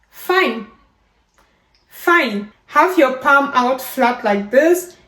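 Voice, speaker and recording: Woman, sign language teacher, high voice, unhurried delivery, echoey room, faint background music. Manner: says each sign word aloud, then explains hand motions. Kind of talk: step-by-step instruction.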